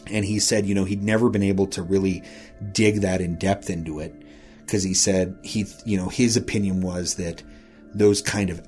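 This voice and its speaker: Low-voiced man telling a ghost story casually. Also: fairly even intonation, moderate pace, darkish tone, faint music behind. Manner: rambling, retells with frequent "he said" and "you know". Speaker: guest recounting a local ghost story.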